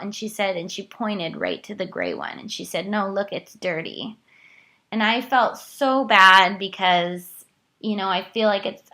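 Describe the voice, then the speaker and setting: A woman's voice: mid-range voice, bright, forceful tone. A woman in her thirties hosting a podcast, telling a personal parenting story in an emotional, confessional way. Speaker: podcast host. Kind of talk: personal monologue.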